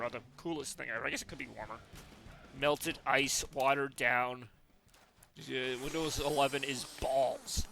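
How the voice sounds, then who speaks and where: Bright, lively streamer man rambling. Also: medium pitch. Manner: rambling, laughs often, chats with viewers. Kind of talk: casual game commentary.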